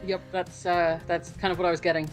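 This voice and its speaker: A woman's voice: on the low side, level tone, a little fast, soft background music. A woman co-player making joking asides during a game stream.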